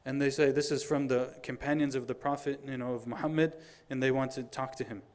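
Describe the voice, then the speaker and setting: A fast-paced male preacher in middle age delivering a Friday sermon. He tells the story with lively energy and slips into the voices of the people in it, quick on his quotations, at an everyday mid pitch. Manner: animated storyteller, acts out dialogue, recites Arabic quotations quickly.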